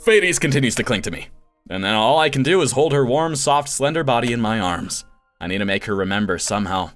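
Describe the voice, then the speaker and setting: A man voice-acting a game playthrough, reading lines theatrically and breaking into laughs and shouts. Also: medium pitch, lively intonation, fairly quick, soft background music. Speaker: voice actor playing a visual novel. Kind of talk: acted game reading with reactions.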